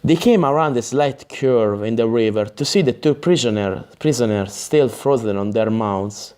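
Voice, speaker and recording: A man reading a fantasy novel aloud as an audiobook narrator, careful and measured, sometimes restarting a word. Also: mid-range voice, darkish tone, clean tone.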